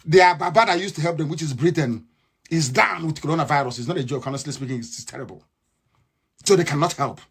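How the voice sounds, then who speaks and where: A man's voice: a little high, quick pace, husky. A man giving a live radio broadcast monologue, fiery and scornful, repeating his points.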